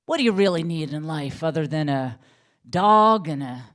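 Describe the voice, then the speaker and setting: A woman voicing her husband, a laid-back country boy musing slowly and mellowly. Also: low-pitched, lively intonation.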